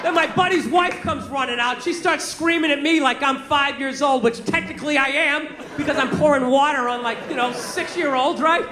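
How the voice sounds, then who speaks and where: A man's voice: extremely high pitch, moderate pace, hardly any pauses, background noise. A man doing a stand-up comedy routine, self-mocking and acting out other voices on a live stage. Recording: echoey stage recording with crowd laughter.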